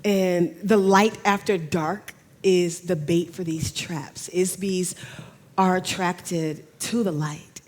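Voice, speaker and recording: Slow-spoken woman giving a heartfelt talk. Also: lowish voice, fairly even intonation. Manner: emotional, halting, restarts often. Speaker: speaker at a talk on remote viewing. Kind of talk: emotional personal talk. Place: in front of a camera.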